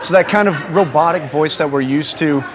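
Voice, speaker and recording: Thoughtful man host, higher voice. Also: normal speed, crowd noise. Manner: thoughtful, explanatory. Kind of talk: studio discussion.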